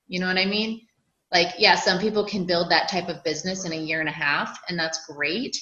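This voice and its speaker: A woman's voice: fairly low pitch, fairly even intonation, brisk, pushed and bright, echoey room, lo-fi sound. A woman sharing her long-term goals on a group call, chatty and rambling, with lots of "like" and "you know". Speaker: team member sharing goals. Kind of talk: casual chat on a group call.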